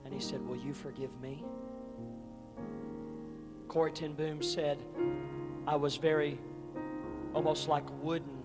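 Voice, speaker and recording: A male pastor preaching a sermon, telling a story and calling on congregation members by name, rising to impassioned peaks and dropping to soft pleading. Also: a little high, flat delivery, a little slow, long pauses. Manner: storytelling that swells to impassioned shouting, then drops to soft pleading. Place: church sanctuary. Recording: reverberant church with music behind.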